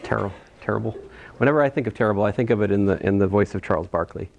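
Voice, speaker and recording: A math instructor lectures a college algebra class in a loose, rambling style, restarting phrases and tossing in jokey asides. His voice sits on the low side and comes out very fast and a little mellow. The audio is dull.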